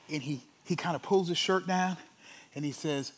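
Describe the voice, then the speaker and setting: A pastor preaching a sermon, swinging from loud, emphatic preaching down to hushed near-whispers, with casual conversational asides. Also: male voice, fairly high pitch, moderate pace, husky. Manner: conversational asides with "you know" and "like".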